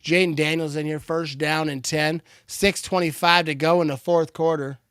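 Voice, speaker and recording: A man hosting a live game watch party, switching between excited play-by-play calls and relaxed chat. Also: a little high, moderate pace, clean tone, dry recording, studio quality. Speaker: livestream watch party host.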